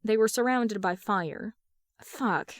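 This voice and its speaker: Woman narrator, fan fiction audiobook, measured even reading, dry close voice, middle pitch. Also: dry recording. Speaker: podfic reader.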